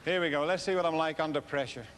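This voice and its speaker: A man's voice: on the high side, fast talker, a bit bright. A man with an Irish accent doing live stand-up between snooker trick shots, chatty and self-mocking with the crowd. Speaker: comedian and snooker trick-shot entertainer. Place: live stage show before an audience. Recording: noisy live 1990s video recording.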